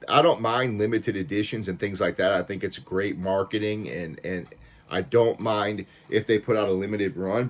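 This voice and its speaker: A man ranting to camera as a record collector, fired up and frustrated, with many restarts and mild cursing. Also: fairly low pitch. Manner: fired-up, repetitive restarts, swears mildly. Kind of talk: casual rant to camera.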